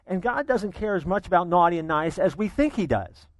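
A man preaching a sermon, telling a story in an animated way, dropping to a hush and then rising loud. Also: high-pitched, a little fast, no room sound. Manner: animated storyteller, swings between hushed and loud. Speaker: pastor.

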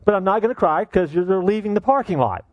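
A man preaching a sermon as pastor, animated and joking, firing off rhetorical questions at his congregation. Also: high voice, quick pace, no echo, highs cut off.

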